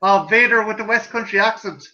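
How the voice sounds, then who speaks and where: A man's voice: sits high, fairly even intonation, a little fast, dull audio, a crowd in the background. A man hosting a livestream in casual chat, rambling, swearing and laughing. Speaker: stream host.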